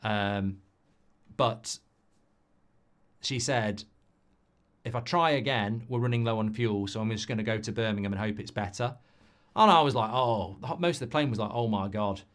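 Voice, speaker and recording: A man hosting a live football watchalong, chatting with viewers in a sweary, cynical, rambling and animated way, from England. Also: fairly low pitch, moderate pace, pauses often. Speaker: watchalong host.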